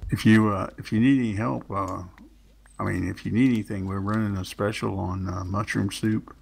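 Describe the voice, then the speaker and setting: Man, very gravelly voice, low pitch, relaxed gaming chat, faint keyboard clicks. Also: slight background noise. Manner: relaxed, drawn-out, joking.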